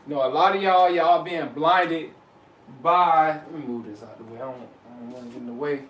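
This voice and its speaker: A man's voice: on the high side, normal speed, slight background noise. A man giving casual spiritual advice as a vlogger, loose and repetitive, saying "you know what I'm saying" often. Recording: echoey room, mic at a distance.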